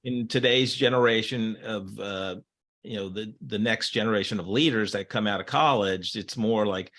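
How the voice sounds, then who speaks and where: Male podcast host, fairly low voice, reflective and affirming. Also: moderate pace, a bit bright. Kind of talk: interview conversation.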